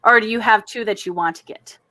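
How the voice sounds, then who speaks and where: A woman in her thirties hosts a relaxed drawing stream, talking freely and poking fun at herself. Her voice sits a little high. The sound is dry and close, with no room around it. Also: fairly quick, dry recording. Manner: chatty, self-deprecating, laughs often. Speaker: stream host. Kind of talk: casual chat while drawing.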